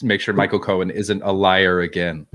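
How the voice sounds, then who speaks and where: A man's voice: deep voice, flat delivery, moderate pace, fairly bright tone. A man co-hosting a stream in casual chat, with dry, wry remarks. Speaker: stream co-host.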